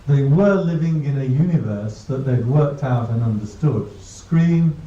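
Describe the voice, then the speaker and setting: A man's voice: mid-range voice, expressive, measured pace, mellow. A man, a Buddhist monk, giving a casual, humorous talk to a class, telling anecdotes and laughing at his own jokes. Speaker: Buddhist monk teaching mindfulness. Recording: dull distant roomy recording.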